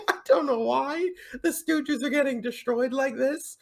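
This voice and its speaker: Husky, high-voiced woman podcast co-host. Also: moderate pace, hardly any pauses. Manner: animated, laughs often, acts out the wrestlers. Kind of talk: casual chat recapping a wrestling show.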